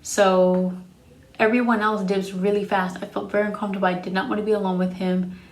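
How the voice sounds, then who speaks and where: A woman's voice: medium pitch, little pitch movement, brisk, reverberant. A young adult woman telling a personal story in a casual storytime vlog, frank and profane. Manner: frank and profane, blunt retelling.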